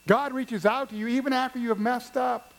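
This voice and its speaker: High-voiced man preaching a sermon. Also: fairly even intonation, brisk, vocal fry, poor audio. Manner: storytelling, emphatic, speaks to the congregation. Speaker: pastor. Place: church service.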